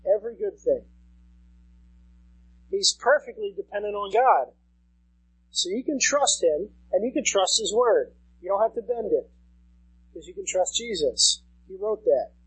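A man's voice: high-pitched, expressive, unhurried, long pauses, breathy edge, poor audio. A man in his thirties preaching a sermon as pastor, conversational and repeating key phrases for emphasis. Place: church sanctuary.

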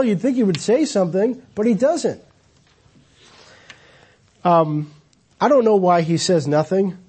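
A man preaches in a relaxed, storytelling way, asking the congregation rhetorical questions as he goes. His voice sits high for a man, with a mellow, husky grain. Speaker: pastor. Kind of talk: sermon. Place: church.

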